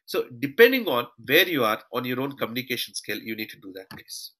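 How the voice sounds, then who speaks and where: A man's voice: mid-range voice, big pitch swings, a little fast, bright, forceful tone, poor audio. A man teaching a live online class over a shared screen, calling his students "team" and tagging his points with "okay" and "all right". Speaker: online trainer.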